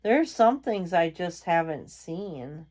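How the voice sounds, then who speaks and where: Slow-talking, tired woman chatting. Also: on the low side, big pitch swings, darkish tone. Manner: rambling, chatty, with many fillers; reads out magazine lines. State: tired, yawning. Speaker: vlog host. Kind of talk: casual chat.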